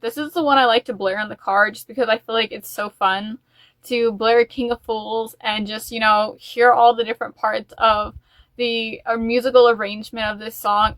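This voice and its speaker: A woman's voice: on the high side, a bit bright, dry recording. A woman chatting in a casual music vlog, rambling and openly emotional. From United States. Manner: chatty and rambling, with fillers and restarts. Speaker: music vlogger.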